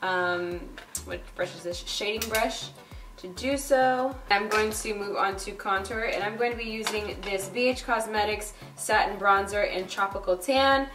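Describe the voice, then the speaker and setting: A woman's voice: medium pitch, measured pace, recorded from a distance. A young woman talking casually through a makeup tutorial, chatty and bubbly, with lots of fillers. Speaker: beauty vlogger. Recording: roomy echo, a bit off-mic. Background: faint background music.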